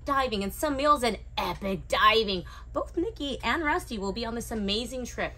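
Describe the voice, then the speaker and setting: Animated woman with wry asides. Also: on the high side. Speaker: dive shop co-host. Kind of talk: casual promotional newsletter chat.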